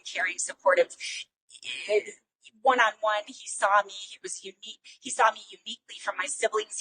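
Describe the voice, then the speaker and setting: A woman's voice: mid-range voice, fairly bright tone. Heartfelt woman telling a story, slightly distant. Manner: heartfelt, rambling, with many fillers. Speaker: personal growth speaker. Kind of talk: personal storytelling. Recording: faint noise, mic at a distance.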